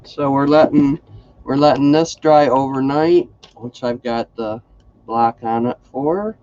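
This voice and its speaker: A man's voice: mid-range voice, fairly even intonation, measured pace, mellow, muffled recording. A man hosting a casual crafting livestream, chatty and folksy, greeting viewers by name.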